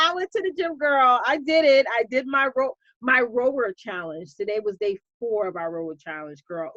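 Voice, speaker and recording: A woman coach hosting a casual live stream, chatty and animated, greeting viewers by name. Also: high-pitched, normal speed, few pauses, no room sound, muffled recording.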